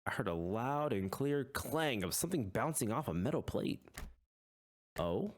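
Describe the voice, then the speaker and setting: A man's voice: mid-range voice, very animated, unhurried. A man reading game text aloud and reacting, in a jokey, dramatic way. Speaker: gaming YouTuber.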